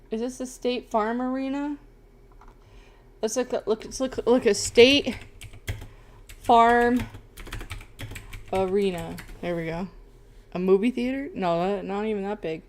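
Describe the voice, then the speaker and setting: A woman's voice: a little high, takes it slowly, pauses often, darkish tone, a little hiss or hum. A young woman streamer chatting casually and rambling, swearing often and tagging lines with "bro" and "okay?". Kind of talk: casual livestream chat.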